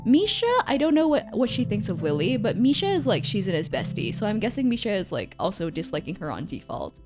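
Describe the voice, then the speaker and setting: A woman's voice: medium pitch, sing-song, brisk, over music. A young woman streamer chatting and giggling casually while playing through a visual novel. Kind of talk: casual game-stream commentary.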